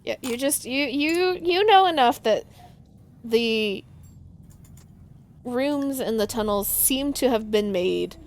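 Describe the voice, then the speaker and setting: Slow-paced woman running a tabletop game. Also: a little high, expressive, a little hiss or hum. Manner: hesitant, filler-heavy narration. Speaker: game master.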